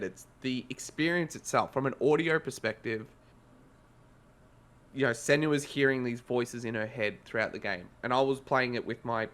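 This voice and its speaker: A man's voice: medium pitch, fairly bright tone. Rambling Australian man on a podcast. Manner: rambling, self-correcting, conversational. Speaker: podcast co-host reviewing a game. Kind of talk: casual podcast chat.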